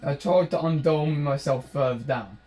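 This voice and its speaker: A man's voice: a little high, normal speed, warm tone. A British man giving rambling, jokey gameplay commentary, describing himself as a dull talker. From Britain. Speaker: gaming channel host.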